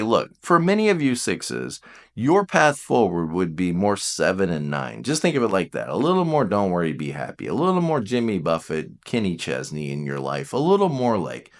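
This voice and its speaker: A man talks casually about personality types as a coach, his lowish voice swinging widely in pitch. He jumps into playful mock voices of his listeners, then slows and goes quiet to stress a point. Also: wildly swooping pitch. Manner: drops to slow, quiet emphasis on key points. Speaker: Enneagram coach. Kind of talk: casual talk to camera.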